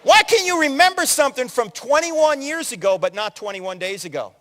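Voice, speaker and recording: A man in his sixties from New Jersey giving an animated, joking story-driven talk as a conference speaker, acting out quotes in other voices. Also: extremely high pitch, a little fast, a little hiss or hum. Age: 60s. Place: large hall with audience. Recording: long hall reverb.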